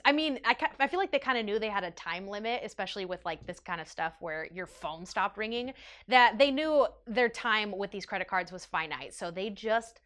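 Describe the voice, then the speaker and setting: A young woman chatting to the camera in a storytime vlog, her voice at a middle pitch. She talks in an animated, self-mocking way and leaps higher whenever she acts out what someone said. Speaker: YouTube storyteller.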